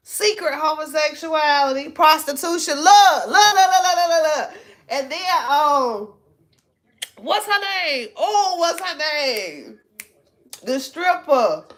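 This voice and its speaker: A young woman in casual chat, recapping a TV episode as an animated, laughing storyteller with lots of slang. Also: sits high. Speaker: podcast host recapping a TV show.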